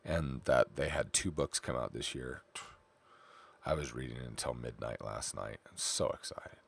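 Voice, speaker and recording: His bass voice is gravelly with a breathy edge, and he speaks at a measured pace. A middle-aged man from California, he streams his drawing and chats casually, rambling into stories and tangents.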